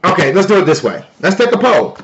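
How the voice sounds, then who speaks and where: A man hosting a live stream, talking loudly and playfully to his viewers in a casual sales pitch. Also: big pitch swings, fast, dull audio. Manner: loud, playful, talks to chat. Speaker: livestream host.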